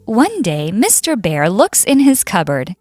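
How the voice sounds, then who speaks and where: Slow expressive girl reading a fable. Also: mid-range voice. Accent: Indonesian. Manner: slow, expressive read-aloud. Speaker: student presenter. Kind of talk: storybook reading for class. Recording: faint background music.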